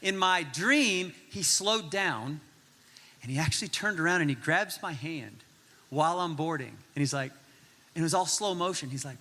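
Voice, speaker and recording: A man's voice: fairly high pitch, moderate pace. A man in his forties preaching a sermon, telling a funny story with lots of energy and acting out the voices of the people in it. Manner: animated, jokey, acts out voices in his stories. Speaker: pastor. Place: large church auditorium. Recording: long hall reverb.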